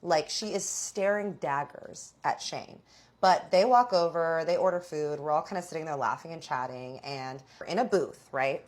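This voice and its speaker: A woman's voice: sits low, normal speed, a little mellow. A young adult woman telling a dramatic personal story in a casual vlog, swearing freely. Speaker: storyteller vlogger.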